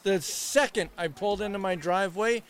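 A man telling a border-crossing story in casual chat with friends, animated and swearing often. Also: sits high, brisk.

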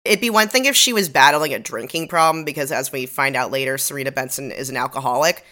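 A woman podcast co-host with a low-pitched voice and a bright, crisp edge. She talks casually through an episode recap, adding dry, sarcastic remarks. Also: fast. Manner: sarcastic, wry commentary.

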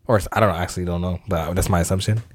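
A man's voice: deep voice, fairly even intonation, racing. A young man co-hosting a podcast, telling a long story in a rambling, casual way, swearing and acting out the people he quotes. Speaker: podcast co-host.

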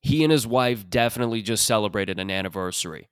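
Smooth low-voiced man in a rambling monologue. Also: fast talker, no echo, clean studio sound. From Canada. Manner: rambling, profane storytelling with many fillers. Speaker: podcast host. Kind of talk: comedic monologue.

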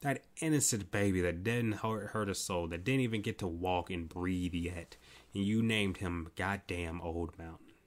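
A man's voice: sits low, moderate pace. A man hosting a late-night solo podcast, ranting in an exasperated, profane way with many restarts, tired and yawning. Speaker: podcast host. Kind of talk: casual solo commentary.

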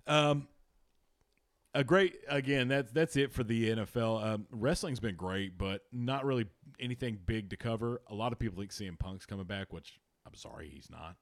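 A man's voice: fairly low pitch, normal speed, no echo, studio quality. Profane joking sports podcast guy. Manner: loose, profane, laughing, jokey. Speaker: podcast co-host. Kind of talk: casual sports chat.

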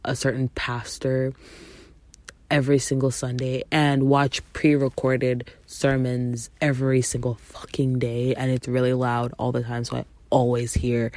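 A young woman hosting a casual solo podcast, speaking candidly, swearing freely and acting out quoted people with big jumps in pitch. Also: darkish tone, no echo. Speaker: podcast host.

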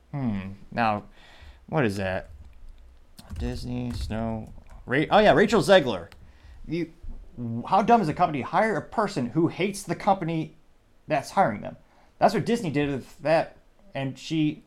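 Sarcastic man hosting a commentary show. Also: fairly high pitch. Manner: sarcastic, dismissive, rambling with restarts. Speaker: podcast host. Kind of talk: opinionated commentary monologue.

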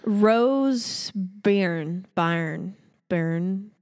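A woman's voice: mid-range voice, very slow, darkish tone, in a large hall. Chatty, opinionated woman podcast host. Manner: chatty and opinionated, lots of fillers. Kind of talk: casual chat.

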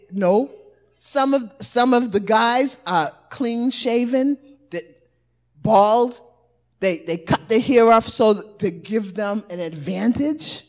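Woman preacher, high and very animated, slow delivery, builds to shouted exhortation. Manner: rises to shouted exhortation, call-and-response cadence. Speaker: elder preaching. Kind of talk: sermon.

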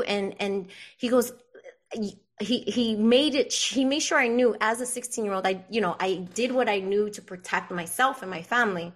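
A woman, a podcast guest telling a personal story in an animated way and acting out the dialogue. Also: a little high, normal speed. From the Bronx, New York. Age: 40s. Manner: animated, acts out quoted dialogue, frequent "like".

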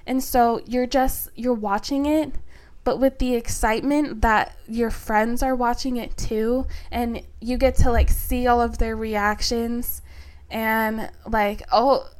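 Young woman, casual book chat, rambling, fillers, slightly high voice. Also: steady tone, takes it slowly, darkish tone. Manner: chatty, rambling, filler-heavy. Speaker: book vlogger.

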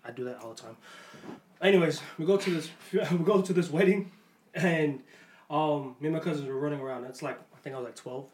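A young man hosting a podcast, telling a story in a lively, casual way and laughing often. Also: on the high side, a little fast. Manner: animated, laughs often while telling stories. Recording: echoey room with faint noise.

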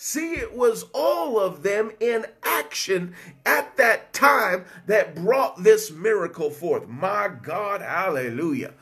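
A man's voice: high voice, lively intonation, takes it slowly, a bit bright. A man preaching a fervent Pentecostal sermon, breaking into cries of "whoo" and "come on" and bursts of speaking in tongues.

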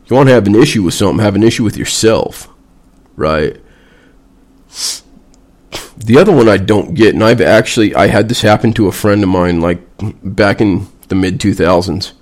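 A man's voice: fairly low pitch, moderate pace, pauses often, a little mellow. A man, a veteran vlogger, delivering a blunt, sarcastic and heavily profane casual rant.

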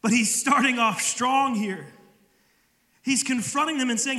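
A man preaching a sermon with a very high, bright voice. He talks in a loose, conversational way and often repeats a word as he gets going. The sound rings around a roomy church hall with a long reverb. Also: a little slow. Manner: conversational, repeats words when starting phrases. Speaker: pastor.

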